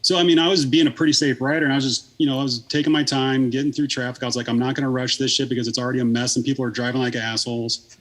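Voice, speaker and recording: A man's voice: mid-range voice, steady tone, very fast, a bit bright. A man in his thirties, a podcast guest, telling a long story in casual, rambling talk full of swearing and fillers.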